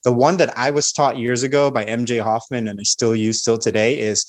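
A man of ordinary pitch explains, confident and instructive, how to open a sales call. He talks through each step in a clear, practical way. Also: steady tone, a little fast, hardly any pauses. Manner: confident, instructive, acts out sample calls. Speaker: sales expert guest.

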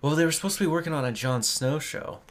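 A man co-hosting a podcast in casual chat, passing on news in a wry, deadpan way. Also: fairly high pitch, fast talker. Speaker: podcast co-host.

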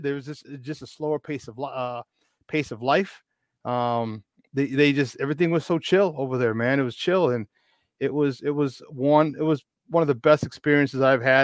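A man's voice: medium pitch, no room sound, studio quality. Rambling man in his fifties. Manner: animated, rambling with restarts and "man". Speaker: podcast guest, football expert. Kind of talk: casual storytelling.

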